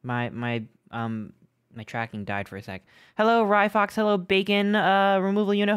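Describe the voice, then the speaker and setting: A man's voice: high-pitched, lively intonation, normal speed, fairly bright tone, clean tone, dry recording, clean studio sound. A man streaming a game live, chatting playfully, teasing viewers and greeting them by name from a home setup. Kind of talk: casual live-stream chat.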